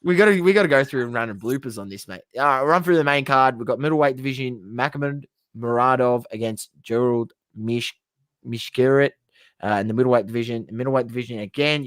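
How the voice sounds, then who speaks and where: A man's voice: fairly low pitch, no room sound. A man co-hosting a casual sports podcast, recapping fight cards with energy and stumbling over hard names. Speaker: podcast co-host.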